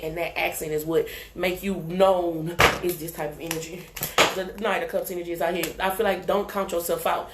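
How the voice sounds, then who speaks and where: A woman's voice: on the low side, steady tone, brisk. A woman giving a live tarot reading in a casual, profane, chatty way, often checking in with the listener. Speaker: tarot reader. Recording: echoey room, faint background noise.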